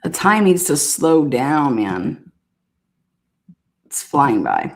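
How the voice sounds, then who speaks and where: A woman's voice: low voice, big pitch swings, extremely slow. A woman hosting a live stream, chatting casually with viewers in a sassy, blunt way and swearing now and then. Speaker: livestream host.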